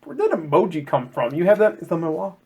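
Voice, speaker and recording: A man co-hosting a casual podcast chat about scripture, jokey and animated, often acting out quotes in silly voices. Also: on the high side, fast talker, slightly rough. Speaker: podcast co-host.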